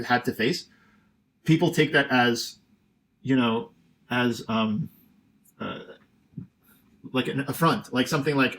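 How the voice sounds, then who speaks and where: A man gives casual spoken commentary on a debate. He rambles and hesitates, and his talk is full of fillers and restarts. His pitch sits in a middle range.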